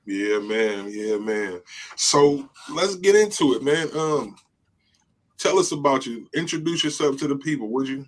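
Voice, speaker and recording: A man's voice: mid-range voice, expressive, a little slow. A man co-hosting a podcast, laid-back and casual, often saying "man". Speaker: podcast co-host.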